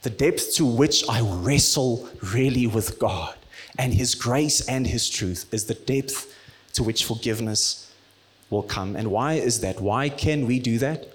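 A man preaching a sermon, rising to loud emphatic peaks and dropping to hushed, low tones. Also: unhurried. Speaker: pastor.

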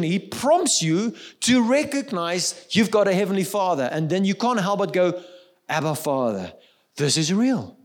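Middle-aged pastor guy, fairly high voice, earnest sermon, keeps asking "okay?". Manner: earnest and conversational, checking in with "okay?".

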